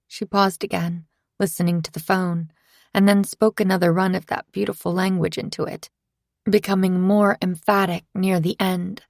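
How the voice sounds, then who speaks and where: A woman narrates a first-person thriller in a steady storytelling manner. Her voice is low with a gravelly texture. The recording is close and dry. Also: normal speed, dry recording. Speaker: audiobook narrator. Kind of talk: scripted narration.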